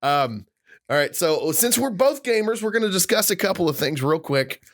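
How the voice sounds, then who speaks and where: A man's voice: sits high, normal speed. A man in his thirties co-hosting a podcast, telling a long story with lots of acted-out quotes. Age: 30s. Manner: animated storyteller, acts out quotes. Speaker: podcast co-host. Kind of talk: casual podcast rant.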